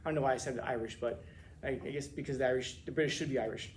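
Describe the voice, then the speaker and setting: A man teaching a classroom lecture, telling funny stories with quick asides and teasing his students. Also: mid-range voice, a little hiss or hum. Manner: joking, animated storytelling with quick asides.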